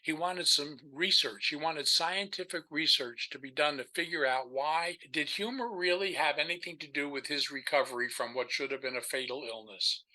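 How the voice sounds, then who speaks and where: An older man tells a long story as a podcast guest, rambling and full of restarts. His voice is very bright and ringing, a little high for a man. He talks in an animated, chatty way. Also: normal speed, few pauses, rough recording. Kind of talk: storytelling in a casual chat.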